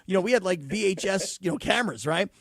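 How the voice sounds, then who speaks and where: A man co-hosting a radio show, telling stories in animated casual chat. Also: sits high, quick pace, gravelly, no room sound, clean studio sound. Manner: animated storyteller. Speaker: radio co-host.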